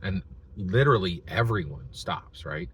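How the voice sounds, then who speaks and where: A man's voice: low-pitched, expressive, a little slow, fairly bright tone, a little hiss or hum. A man giving casual, rambling commentary, acting out quotes in different voices as he tells a story. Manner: rambling with frequent restarts and filler words. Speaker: video commentator.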